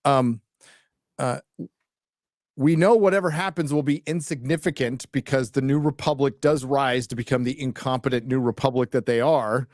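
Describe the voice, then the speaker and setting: A man's voice: mid-range voice, steady tone, moderate pace, darkish tone, dry recording, clean studio sound. A man co-hosting a casual podcast, rambling and joking, drifting into asides. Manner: rambling, jokey, trails off into asides. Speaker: podcast co-host. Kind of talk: casual chat.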